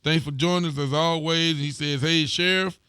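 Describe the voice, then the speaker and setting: Man, local sheriff host, clear voice in a dry studio, folksy viewer shout-outs. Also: a little high, a little fast, no room sound. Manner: relaxed, folksy, greets viewers by name. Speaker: sheriff hosting a local talk show. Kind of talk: casual live-stream chat reading viewer comments.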